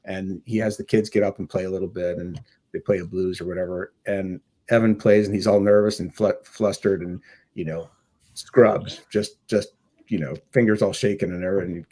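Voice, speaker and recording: A middle-aged man, a music teacher, telling a story in earnest, relaxed podcast chat. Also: sits low, normal speed. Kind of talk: casual chat.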